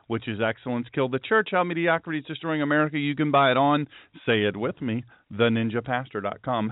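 A man's voice: medium pitch, quick pace, hardly any pauses, no echo. A man from the US East Coast, a pastor hosting his own talk show, joking sarcastically and slipping into mock-serious asides, his throat tired and sore. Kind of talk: solo talk-radio monologue. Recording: dry, phone-like narrow sound.

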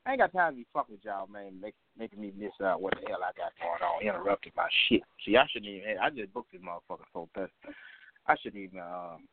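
A man's voice: on the low side, animated, fast, a little hiss or hum. A man hosting an open phone line, ranting and cursing at callers in a combative, repetitive way. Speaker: phone-line talk show host.

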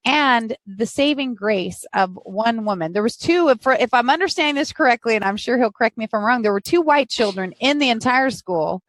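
A woman's voice: on the high side, no room sound. A woman hosting a live online interview who speaks with feeling and recaps the story for viewers. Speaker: host.

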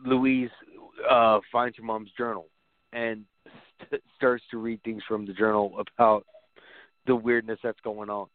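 A man's voice: lowish voice, flat delivery, a little slow, dry recording. A man chats loosely about a horror film, chuckling between thoughts. The sound is dry and tight with no room around it, and the band is narrow like a phone call. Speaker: podcast co-host. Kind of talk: casual film discussion.

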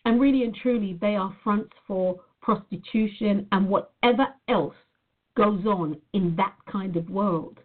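A woman's voice: mid-range voice, a little slow. A woman from Nevada, a reflexologist, talking earnestly and reflectively to her viewers as "guys" in a casual spiritual talk. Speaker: reflexologist sharing a personal reflection. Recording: tinny phone-like audio.

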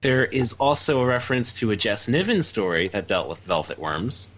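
A man's voice: medium pitch, big pitch swings, normal speed, fairly bright tone, poor audio. A man co-hosting a podcast interview, asking questions in a playful, teasing way. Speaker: podcast co-host.

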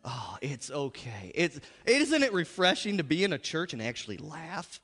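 An American man preaching a revival sermon in a church, emphatic and joking, with big swings between loud and soft. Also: a little high, sing-song, moderate pace. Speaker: pastor. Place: large church sanctuary. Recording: long hall reverb.

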